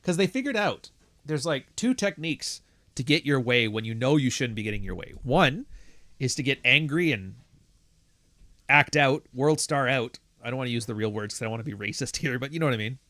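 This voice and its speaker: A man's voice: mid-range voice, animated, a little fast, a bit bright, dry recording. A man hosting a casual livestream, reading super chats and answering in a blunt, profane, rambling way. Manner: blunt, profane, rambling, acts out other people's voices. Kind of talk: casual live-stream talk.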